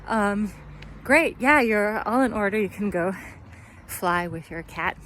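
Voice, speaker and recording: A woman's voice: mid-range voice, lively intonation, unhurried, a bit bright, a little hiss or hum. A woman voicing a grave male airline agent who sounds relieved in a retold story. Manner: relieved, exclaiming.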